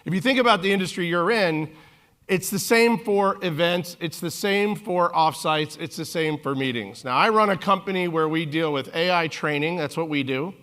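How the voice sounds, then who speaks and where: A man in his forties giving a humorous keynote on stage, telling stories with lively acted-out quotes. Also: fairly high pitch, normal speed. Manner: animated, jokey, acts out quotes in voices. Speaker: keynote speaker. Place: conference stage.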